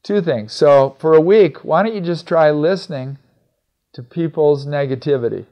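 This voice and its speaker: A man's voice: fairly high pitch, moderate pace, warm tone. A middle-aged man giving an instructional talk on communication skills in a conversational way, often acting out bits of dialogue. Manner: conversational, acts out quoted dialogue. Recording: slightly dull, lo-fi recording.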